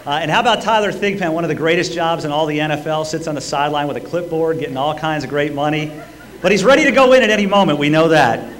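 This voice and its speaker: A man's voice: a little high, fast, a bit bright. A man emceeing a comedy roast, bantering and poking fun, introducing the next speakers. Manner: joking, self-mocking banter.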